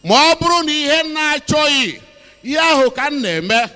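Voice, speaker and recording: A man with an Igbo accent interpreting a sermon line by line, quick and forceful. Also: extremely high pitch, animated. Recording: echoey hall.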